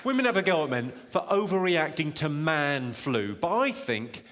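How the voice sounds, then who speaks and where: A male stand-up comedian with a fairly high voice delivers wry, punchline-driven jokes and teases the crowd. He is on a stage mic in a big reverberant hall. Loud audience laughter fills the gaps between lines. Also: big pitch swings, moderate pace, very noisy. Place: large theatre venue with a live audience.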